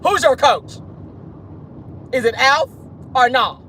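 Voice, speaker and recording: A woman's voice: high-pitched, expressive, takes it slowly, bright, forceful tone, slight background noise, low-quality recording. A woman with an African American Vernacular English accent hosting a casual livestream, talking bluntly and sassily and laughing often. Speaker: vlog host.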